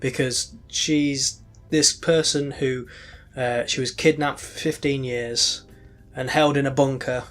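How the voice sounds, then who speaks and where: A man's voice: medium pitch, steady tone, slow pace, fairly bright tone, faint music behind. A man co-hosting a podcast, rambling casually with many ums and restarts. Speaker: podcast co-host. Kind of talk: casual chat.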